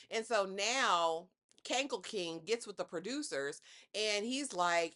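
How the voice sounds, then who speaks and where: A woman's voice: medium pitch, lively intonation, unhurried, bright, forceful tone. A woman recapping a reality show in casual commentary, sassy and dramatic, roasting with pointed rhetorical jabs.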